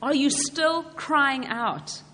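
A woman's voice: high-pitched, extremely slow, bright, forceful tone, a little hiss or hum. A woman preaching a sermon to women, earnest and repeating questions to the audience. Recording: long hall reverb, faint ambience.

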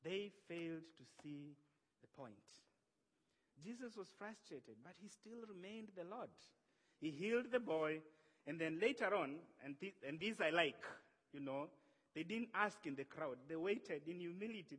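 A man preaching a sermon in a conversational, animated way, acting out the voices he quotes. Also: a little high, normal speed. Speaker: pastor. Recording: long hall reverb.

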